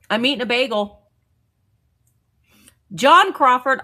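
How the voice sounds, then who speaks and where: A woman's voice: mid-range voice, animated, measured pace, pauses often, a bit bright. Chatty woman hosting a casual livestream. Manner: chatty, greets viewers by name, rambling with restarts. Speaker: vintage seller livestream host.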